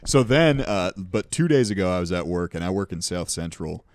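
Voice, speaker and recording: A man's voice: low voice, lively intonation, moderate pace, no echo, studio quality. A young man hosting a podcast, telling rambling, profane anecdotes in casual chat. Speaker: podcast host.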